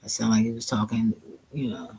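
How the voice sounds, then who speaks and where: A woman's voice: rumbling low, level tone, fairly quick, warm tone, breathy edge. A woman vlogger casually retelling a story to her viewers, profane and exasperated, often laughing.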